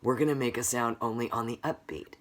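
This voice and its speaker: Music teacher lady on a kids video lesson, counting beats out loud, patient, asks the class stuff. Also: very deep voice, steady tone, a little fast. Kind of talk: recorded video lesson for children.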